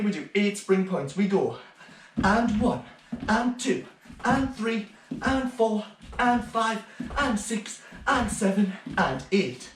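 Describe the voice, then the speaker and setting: A man teaching an online ballet class for small children, calling out steps and counting the beats with steady encouragement. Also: sits high, echoey room, recorded from a distance, slight background noise.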